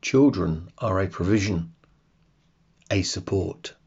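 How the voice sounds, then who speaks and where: A man hosting a devotional podcast, reading and reflecting on a psalm in a slow, measured way. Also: deep voice, a little mellow, breathy edge, lo-fi sound. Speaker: podcast host.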